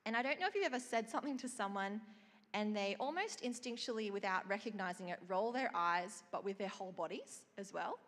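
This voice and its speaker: A woman preaching a sermon, telling of a vision in an expressive storytelling way and reading scripture. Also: medium pitch, fairly quick, long reverb tail.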